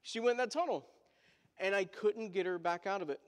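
A man's voice: sits high, a little fast, in a large hall. A male pastor telling a story in a sermon, chatty, with asides to the congregation.

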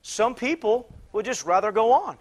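A man with a fairly high voice preaches from a church pulpit, telling a personal story. He talks in halting restarts and repeated phrases, and at times climbs into loud, emphatic cries. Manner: animated, many restarts, rising to loud exclamations. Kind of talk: sermon storytelling. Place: church sanctuary.

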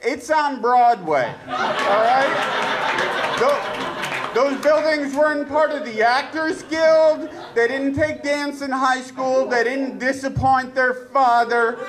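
Man doing stand-up, very high voice, sarcastic ranting, loud bursts then low mutters. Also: takes it slowly, a crowd in the background, noisy background. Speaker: stand-up comedian. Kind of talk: stand-up comedy set. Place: live comedy stage. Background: audience laughter.

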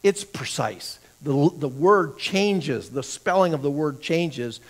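A man's voice: fairly high pitch, expressive, takes it slowly. A man teaching a church Bible class, who asks the class questions, answers them himself and often repeats words while he thinks.

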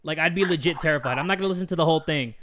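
A young man from Southern California chatting casually in a jokey, crude, loud way on his vlog. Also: fairly high pitch, racing, noisy background. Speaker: YouTuber.

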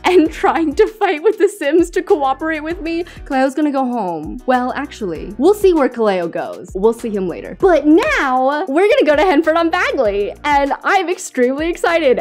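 A young woman giving casual, excitable commentary while playing a life-sim game, chatty and full of "like" asides. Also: sits high. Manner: chatty, excitable, says "like" a lot, bursts of laughter. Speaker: game streamer. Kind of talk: casual let's-play commentary. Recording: faint music behind.

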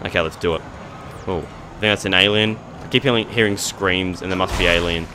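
A young man giving jokey, excitable gameplay commentary, talking back to the monsters on screen. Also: low voice, a little fast, noisy background. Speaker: let's play gamer.

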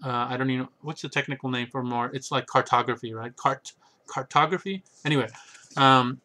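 A man's voice: medium pitch, brisk, sharp tone. A man talking casually and rambling about his books, tossing in sarcastic asides and frequent "right?" checks. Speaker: chess book reviewer. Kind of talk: casual solo talk.

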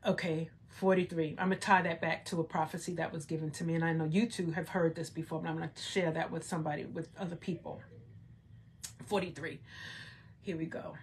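A woman's voice: low voice, fairly even intonation, a little fast, slight background noise. A woman leading a Bible study, reading scripture and commenting in a conversational way, often adding "right?" and rising to emphatic exclamations. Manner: conversational, rhetorical "right?" asides.

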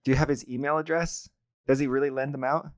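A man's voice: medium pitch, fairly even intonation, fast. A man co-hosting a podcast, reacting to stories with enthusiasm and jokes. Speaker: podcast co-host. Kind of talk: casual chat.

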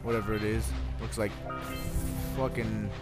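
A young man giving casual, rambling gameplay commentary, swearing and getting excited, over game music. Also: fairly low pitch, a little slow. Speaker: let's play gamer. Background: video game music.

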